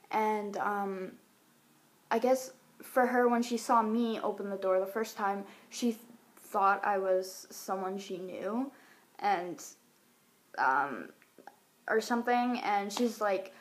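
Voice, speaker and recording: A woman's voice: medium pitch, slow. A young woman telling a casual storytime vlog at home into a phone, rambling along with lots of "like" and "um". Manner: rambling, full of fillers like "like" and "um", laughs now and then. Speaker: vlogger. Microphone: phone or webcam.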